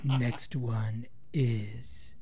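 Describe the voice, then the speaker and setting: A man putting on a sultry, deep-voiced late-night radio DJ with a slow, drawn-out delivery, in a radio studio. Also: fairly even intonation, a crowd in the background.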